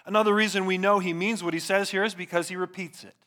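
Male pastor with a somewhat high voice, delivers an earnest, emphatic sermon and poses rhetorical questions. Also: steady tone, fast talker, fairly bright tone.

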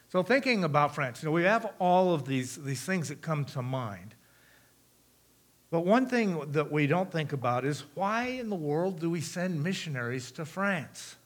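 A middle-aged man with an American accent speaks to a congregation about missions work, his voice sitting somewhat high for a man. He talks conversationally and often throws questions out to the listeners, then repeats their answers back. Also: fairly bright tone. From United States.

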